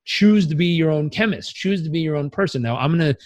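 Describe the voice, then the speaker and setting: A man coaching as a podcast guest, telling stories in an energetic, emphatic and casually profane way. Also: fairly high pitch, quick pace. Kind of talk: podcast interview storytelling.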